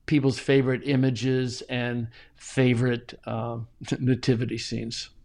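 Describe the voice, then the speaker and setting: A man's voice: mid-range voice, flat delivery, a little slow, a little mellow. Chuckling middle-aged man, many restarts. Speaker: Bible translator guest. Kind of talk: casual interview conversation.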